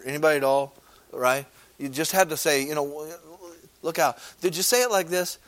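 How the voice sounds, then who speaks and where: Man, pastor, evening sermon, conversational, reads scripture aloud, clears throat. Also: on the high side. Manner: conversational preaching, frequent rhetorical "okay?" and "amen?"; reads scripture aloud in old-fashioned wording.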